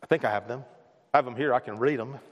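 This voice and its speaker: A man's voice: medium pitch, fast, dull audio. A male pastor preaching a casual, conversational sermon to his congregation, often repeating words as he restarts his sentences. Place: church sanctuary. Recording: long hall reverb in a church.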